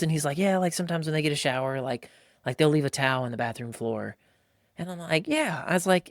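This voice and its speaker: This is a man in his thirties hosting a laid-back podcast, his voice fairly high and his delivery a little fast. He spins animated stories full of acted-out quotes and slang, dropping "like" and "bro" constantly, all captured in a dry, clean studio recording.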